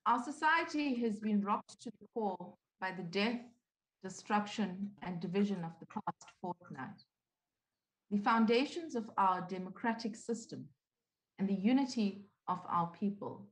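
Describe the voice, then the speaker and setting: A woman's voice: mid-range voice, roomy sound, poor audio. Earnest woman reading a formal address. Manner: earnest, deliberate, read from a script. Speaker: co-host. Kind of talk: scripted address. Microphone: video call.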